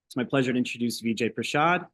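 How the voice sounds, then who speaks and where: A young man moderating a public talk for the first time, speaking in a nervous, halting way with many ums and uhs. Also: mid-range voice, a bit bright, dry recording, low-quality recording. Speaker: event moderator. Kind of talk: public talk introduction and questions.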